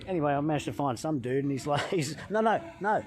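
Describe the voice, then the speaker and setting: A middle-aged man from England, a health coach vlogger telling a travel story in a swearing, animated way, talking into a phone outdoors by a hotel pool. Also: fairly high pitch, fast.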